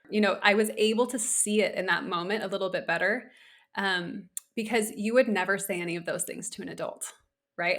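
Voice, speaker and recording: A woman's voice: mid-range voice, a bit bright. A woman in her thirties co-hosting a podcast, talking candidly and conversationally with lots of filler words. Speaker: podcast co-host. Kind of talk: casual chat.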